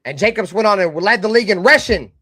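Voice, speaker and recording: A man hosting a live fan stream, ranting with heavy cursing, swinging between loud outbursts and low mutters. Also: fast talker, no echo. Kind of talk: profane fan rant.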